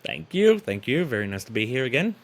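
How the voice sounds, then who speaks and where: A man's voice: medium pitch, sing-song, fairly quick. A man, a podcast guest who rambles and makes sarcastic jokes in casual chat.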